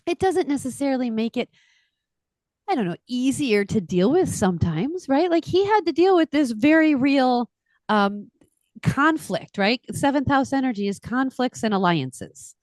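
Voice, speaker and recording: A middle-aged woman co-hosting a podcast, talking casually in an animated storytelling manner and laughing often. Her voice sits a bit high, and the recording is dry and close with no room sound. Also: moderate pace, no echo. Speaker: podcast co-host, astrologer. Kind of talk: casual chat.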